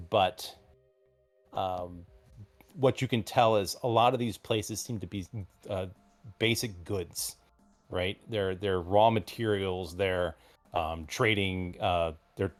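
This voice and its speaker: Low-voiced man narrating as game master. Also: faint music behind. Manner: rambling, halting descriptions with many fillers.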